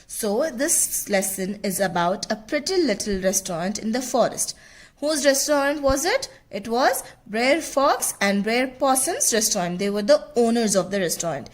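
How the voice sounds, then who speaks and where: A woman's voice: a little high, lively intonation, normal speed. A woman teacher with an Indian English accent reading a lesson aloud and explaining it, asking questions and answering them herself.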